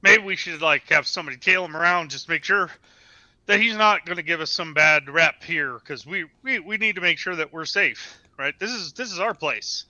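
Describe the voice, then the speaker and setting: A man playing a wary character in a tabletop game, stammering as he works out what to say. His tone is very bright and sharp, the pitch slightly raised. The sound is dull and lo-fi, yet dry and close. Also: normal speed, dry recording. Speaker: player. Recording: dull lo-fi line.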